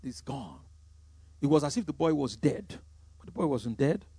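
A Nigerian man preaching a sermon as pastor, emphatic, swinging from loud declarations to quiet asides. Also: mid-range voice, lively intonation, moderate pace, breathy edge, dry recording, clean studio sound.

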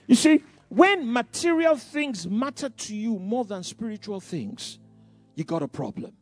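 A man's voice: extremely high pitch, very animated, unhurried. Middle-aged male pastor, chatty sermon delivery, faint music underneath. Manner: conversational preaching with many "you know" asides and repeated phrases. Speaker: preacher.

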